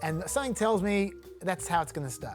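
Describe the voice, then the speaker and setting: A man's voice: sits high, animated, fast talker, faint music behind. An Australian man co-hosting a current affairs panel, arguing his point emphatically with a string of rhetorical questions. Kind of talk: analytical panel discussion.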